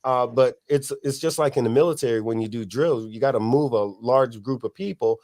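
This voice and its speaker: A man's voice: medium pitch, fairly quick, darkish tone. Man, motorcycle club member, casual podcast host; loose and profane storyteller.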